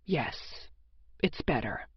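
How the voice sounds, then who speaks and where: A woman voicing a devoted young man who talks softly and reassuringly. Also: slow, no room sound, natural voice. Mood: tender. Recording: dull lo-fi recording.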